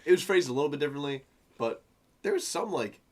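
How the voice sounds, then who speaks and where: Animated young man rambling with laughter. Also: a little high, fast. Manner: rambling, swearing, laughing storyteller. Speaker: podcast co-host. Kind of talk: casual chat.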